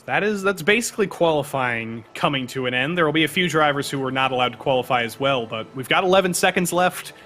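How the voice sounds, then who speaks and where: A man doing live play-by-play commentary for an online racing league, joking and brisk. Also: a little high, lively intonation, sharp tone, a little hiss or hum.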